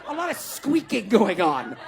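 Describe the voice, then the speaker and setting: A middle-aged woman from Canada doing a stand-up comedy set, talking in rapid asides with sudden loud, swearing outbursts. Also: medium pitch, wildly swooping pitch, vocal fry. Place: comedy club stage. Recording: echoey room with crowd laughter. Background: audience laughter.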